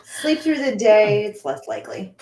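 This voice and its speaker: A woman's voice: medium pitch, big pitch swings, dark tone. Female co-host, teasing and playful, easy casual banter. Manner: teasing, playful, quick with jokes. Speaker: co-host of a trial watch show. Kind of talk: casual chat.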